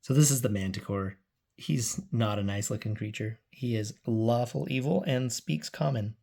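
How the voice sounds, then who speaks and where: A man's voice: medium pitch, moderate pace, creaky, dark tone. A man who runs a tabletop game as dungeon master, casually recapping his sessions in a rambling way, full of "like.". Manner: rambling, lots of "like", acts out quotes.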